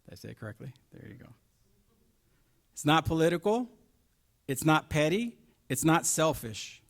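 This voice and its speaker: A middle-aged man delivers a sermon, asking rhetorical questions and alternating quiet asides with loud, stressed points. His gravelly voice is fairly high, swings widely in pitch, and moves at a normal speed.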